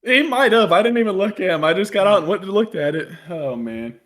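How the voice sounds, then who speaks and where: A man's voice: sits high, expressive, a little fast, fairly bright tone. A young man co-hosting a casual podcast, telling a story with a swearing, self-mocking humor. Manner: storytelling, laughs at himself, swears freely. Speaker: podcast co-host. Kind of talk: casual chat.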